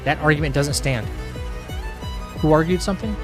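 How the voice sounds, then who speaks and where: While streaming, a man talks loosely and responds to his viewers' comments in live chat, often stammering and starting his sentences over as he rambles. His pitch is fairly high, his speed normal, and music plays in the background.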